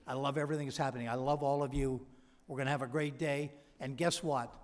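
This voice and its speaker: Man, convocation speech, energetic storytelling, long hall reverb. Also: medium pitch, fast talker. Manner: energetic storyteller who acts out quoted dialogue. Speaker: honorary doctorate recipient giving a convocation address. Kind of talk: anecdotal motivational speech.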